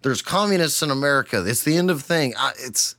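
A man's voice: a little high, animated, brisk, sharp tone. Profane ranting man, podcast host. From Texas. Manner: profane, heated ranting that cools to a weary murmur.

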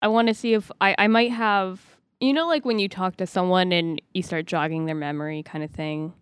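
A woman speaking as a player in a tabletop game, halting, with restarts. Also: lowish voice, clear, resonant tone, no echo. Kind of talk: casual role-play.

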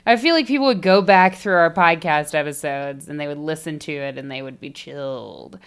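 Woman, podcast co-host, lowish smooth voice, sardonic, swears a lot. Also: normal speed. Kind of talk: casual chat.

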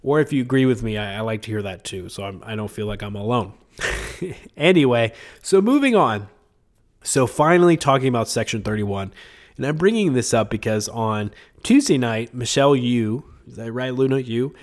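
A man's voice: mid-range voice, expressive, normal speed. A man hosting a podcast in casual chat, talking with a sick, congested voice and rambling with many fillers and chuckles. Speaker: podcast host.

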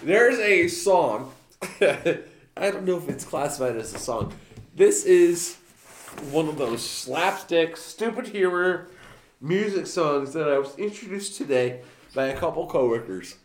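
A man's voice: fairly high pitch, lively intonation, a little slow. A man hosting a casual, crude, joking podcast. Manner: crude, joking, often laughing. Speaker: podcast host. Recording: echoey room, faint noise.

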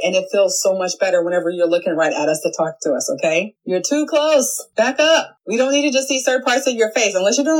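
A young adult woman in a home office giving casual, animated tips to a phone camera, chatty and playful. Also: mid-range voice, low-quality recording. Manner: chatty, animated, acts out little voices. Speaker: social media video coach.

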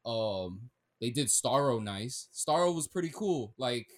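A man co-hosting a casual podcast, talking in an animated, profane way that swings between loud bursts and mumbled asides. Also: medium pitch, measured pace. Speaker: podcast co-host.

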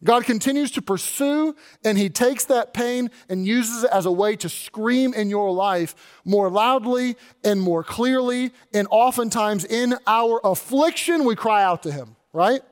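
A man, the pastor, preaching an animated sermon and acting out quoted voices along the way. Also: high voice, unhurried.

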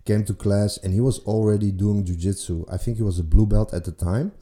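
A man's voice: lowish voice, fairly even intonation, brisk, mellow. A man in his forties, a guest telling stories casually and rambling with many fillers and restarts. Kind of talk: casual storytelling.

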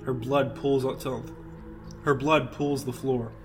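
A man's voice: mid-range voice, steady tone, slow. Guy reading a spooky story on a podcast, keeps cracking up, faint music behind. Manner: laughs through the reading, breaks off to joke. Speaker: podcast co-host. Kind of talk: reading a creepy story aloud with jokes.

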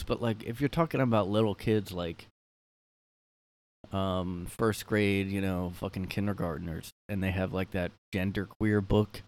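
A man with a fairly low voice rambles through his own solo podcast. He talks loosely, packs his sentences with fillers, and has a wry, sardonic edge. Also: fairly even intonation, measured pace, clear, resonant tone. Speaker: podcast host. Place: his room.

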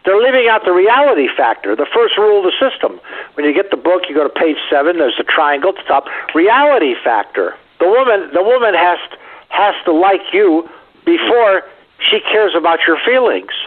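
A man's voice: sits high, sing-song, fairly quick. A man giving blunt dating advice on the radio, wisecracking and acting out bits of dialogue. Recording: tinny phone line.

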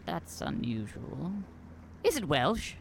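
Male actor plays a naive, gushing playboy academic; sing-song and unhurried, audio comedy. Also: a little high, wildly swooping pitch, creaky, full character voice. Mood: prim. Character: pompous rich young male pirate scholar.

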